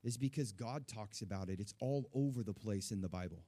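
A middle-aged pastor preaches a sermon to his church in an animated way, building emphasis and repeating words. His voice is on the low side and he speaks fairly quickly.

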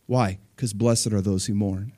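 A man preaching a sermon, retelling scripture in an animated way, swinging between hushed and loud and laughing often. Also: fairly low pitch, a little slow, no room sound. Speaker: pastor.

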